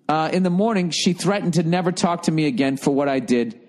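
A middle-aged man hosting a comedy advice podcast, reading listener letters and riffing loudly with profanity. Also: fairly high pitch, brisk, few pauses. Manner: loud, profane, animated riffing with mocking put-on voices. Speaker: podcast host giving advice.

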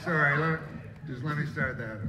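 A male stand-up comedian with a slightly high voice delivers a deadpan, rambling set full of profane asides. He is picked up from a distance in a reverberant casino showroom. Audience noise is clearly heard around him. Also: moderate pace, a loud crowd. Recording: echoey far-off live room with audience.

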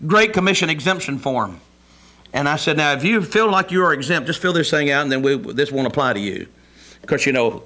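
A man delivering a Sunday sermon in a church, his voice sitting a little higher than most men's. He keeps firing questions at the congregation and waits for their answers. He drops into low, quiet asides, then rises to a booming pitch on the words he stresses. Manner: call-and-response preaching, asks the congregation questions. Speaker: pastor.

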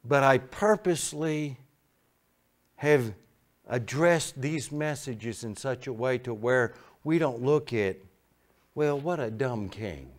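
A middle-aged man preaching a sermon, telling folksy stories and moving between quiet asides and loud emphasis. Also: mid-range voice, takes it slowly. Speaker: pastor. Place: church sanctuary.

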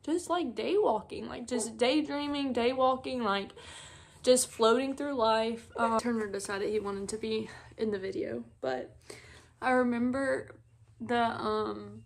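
A young woman, telling her own story at home as a mother vlogger, tearful and halting, with many filler words. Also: fairly high pitch, vocal fry. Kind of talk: emotional personal storytelling. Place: at home on a couch.

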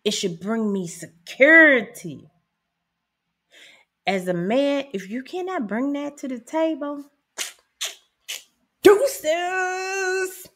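A woman's voice: fairly high pitch, expressive, slow, bright, forceful tone. A woman, hosting a casual monologue in a blunt, profane, emphatic way and laughing often. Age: 50s. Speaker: host.

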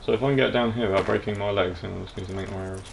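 A man's voice: on the low side, steady tone, rapid-fire, gravelly, slight background noise. A young English man giving casual, rambling gameplay commentary, jokey and sweary. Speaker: let's play streamer.

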